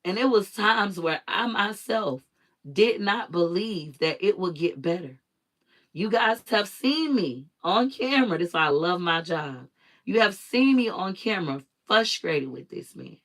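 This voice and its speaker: A woman's voice: medium pitch, animated, unhurried, a bit bright. A woman hosting her own live stream, telling a personal story in an emphatic, repetitive way with blunt swearing.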